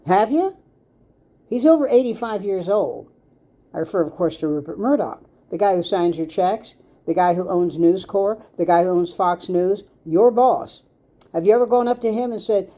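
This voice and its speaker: A woman's voice: fairly low pitch, expressive, normal speed, mellow. A woman commentator ranting straight to the camera, scolding and sarcastic, speaking directly to the person she's addressing. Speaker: social media commentator.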